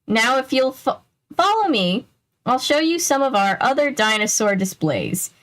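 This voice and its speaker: A woman doing a measured museum professor. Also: high-pitched, sing-song, a bit bright, voice pushed up, heavily acted. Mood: explaining. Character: patient male museum professor, dry and proper.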